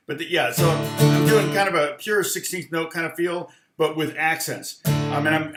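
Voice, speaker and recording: Man, guitar teacher, loose rambling talk, fairly high voice, echoey room, loud guitar behind. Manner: loose and rambling, scats rhythms aloud while playing. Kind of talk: casual live guitar lesson.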